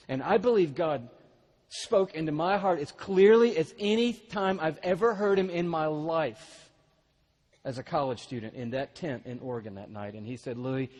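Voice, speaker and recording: Animated man preaching a story. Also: a little high. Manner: animated storyteller, grows loud and excited. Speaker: pastor. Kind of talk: storytelling sermon.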